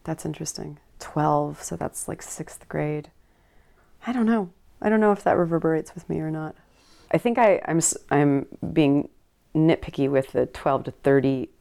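Low creaky woman chatting. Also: moderate pace, warm tone. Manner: casual, chatty, with frequent backchannels. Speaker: podcast co-host. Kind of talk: casual conversation.

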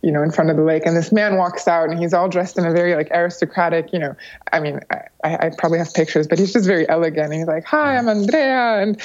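A young woman telling a travel story in casual conversation. She talks in an animated way and acts out the other people's lines in a higher voice. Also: racing. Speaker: guest storyteller. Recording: slightly dull lo-fi sound.

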